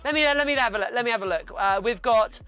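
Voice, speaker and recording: A woman's voice: a little high, quick pace, pushed and bright, clear, resonant tone. A woman who makes fursuits, chatting casually on her livestream, reading chat aloud in a scattered way and breaking into silly sung bits. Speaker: fursuit maker streaming her work. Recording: music playing faintly behind.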